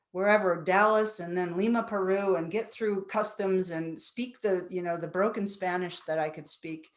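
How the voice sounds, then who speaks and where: A woman in her fifties giving a personal storytelling talk as a guest speaker at a spiritual center, earnest and reflective. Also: on the low side. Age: 50s.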